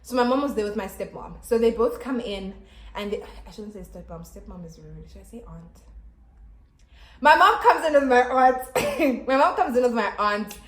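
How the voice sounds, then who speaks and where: A young woman with a South African accent recounts a hard experience to her vlog audience, animated and emotional, calling out to them as "guys." Her voice sits a little high. The room rings with a noticeable echo. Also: moderate pace. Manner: emotional, animated retelling, often addressing viewers as "guys". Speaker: YouTuber. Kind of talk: storytime vlog. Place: home by a busy road.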